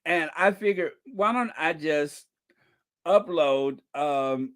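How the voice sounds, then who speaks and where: A man's voice: a little high, slow pace, fairly bright tone. A man hosting a commentary channel, talking casually to his viewers with frequent laughter and emphatic asides.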